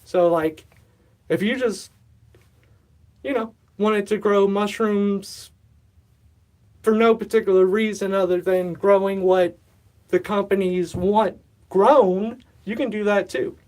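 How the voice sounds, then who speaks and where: A man's voice: high voice, steady tone, slow, pauses often, a little mellow. A man in his thirties from the United States, chatting casually on a livestream in a rambling, self-deprecating way, slightly out of breath in a stuffy, humid room. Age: 30s. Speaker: livestream host. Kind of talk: casual live-stream chat. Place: stuffy warm humid indoor grow room.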